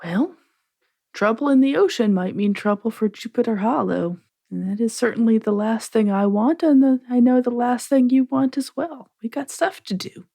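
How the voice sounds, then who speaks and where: A woman playing a busy young woman who talks briskly and wants to get going. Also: a little high, vocal fry, warm tone, no room sound, clean studio sound, pitched above the performer's own voice.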